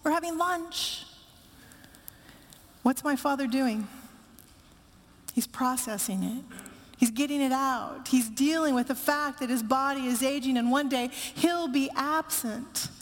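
A woman pastor with a high voice preaches in a church sanctuary, and her words ring out with a long reverb. She tells stories and acts out the voices in them, then sinks to a quiet, unhurried hush to drive a point home. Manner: storytelling, acts out quoted family voices, slows to soft hushed emphasis. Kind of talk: sermon. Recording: echoey hall with long reverb.

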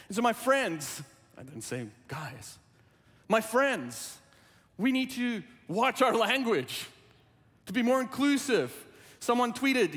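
A man preaching a sermon in a church, speaking earnestly and deliberately, repeating his key phrases. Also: high voice, a bit bright, long reverb tail. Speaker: pastor.

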